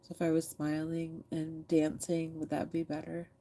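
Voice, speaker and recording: Speaking to her live chat through a phone camera, this thirtysomething streamer is candid and tearful, cursing liberally and answering commenters back. Her deep, dark-toned voice is completely flat, at a moderate pace.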